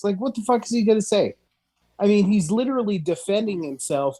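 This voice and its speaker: A man's voice: high-pitched, sing-song, normal speed, warm tone. A man co-hosting a podcast who rants with heavy swearing in an exasperated comedic style. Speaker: podcast co-host. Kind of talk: profane comedic rant.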